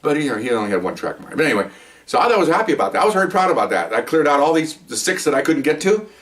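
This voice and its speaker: A man's voice: on the high side, big pitch swings, racing, fairly bright tone, recorded from a distance. An older man, a police veteran, telling his own anecdotes in a casual, rambling way full of repeated "you know.".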